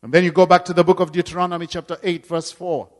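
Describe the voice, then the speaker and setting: A man preaching a sermon with great dynamic swings, dropping to hushed tones and rising to loud cries. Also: high voice, flat delivery, fast. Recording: long hall reverb.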